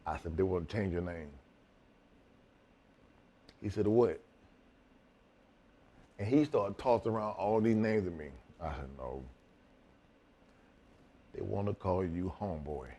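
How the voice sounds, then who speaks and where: A man's voice: low-pitched, expressive, a little slow, pauses often, mellow. A middle-aged man telling wrestling stories as an interview guest, blunt and full of swearing, acting out both sides of old conversations. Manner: blunt, swears often, acts out both sides of quoted talk. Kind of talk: profane shoot-interview storytelling.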